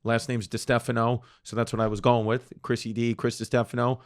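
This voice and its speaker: A man's voice: medium pitch, fairly quick. A man, telling joking stories as a podcast guest. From United States. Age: late 30s. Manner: joking, storytelling, deadpan provocations. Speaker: comedian guest. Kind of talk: casual podcast banter.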